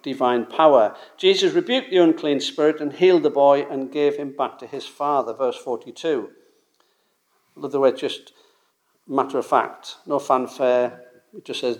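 A man preaching an expository sermon, with a voice that sits a little high for a man. He drives his points home with emphasis. He circles back to them and poses rhetorical questions.

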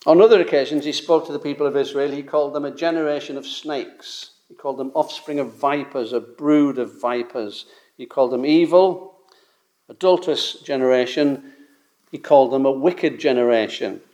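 A man's voice: medium pitch, moderate pace, mellow. A man preaching a sermon, emphatic and building his points in repeated lists.

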